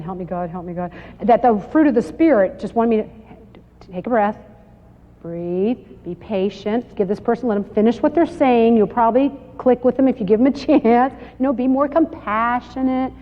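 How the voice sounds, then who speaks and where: A woman giving a lively Bible study talk to women, laughing often and acting out quoted exchanges, recorded on muffled 1990s video in a large hall. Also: fairly high pitch, normal speed. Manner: animated, laughing, acts out little quoted exchanges.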